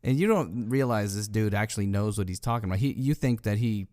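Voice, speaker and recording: A man's voice: on the low side, expressive, a little fast, darkish tone, dry recording, studio quality. A man co-hosting a podcast, chatting casually about a film and adding corrections and details. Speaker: podcast co-host.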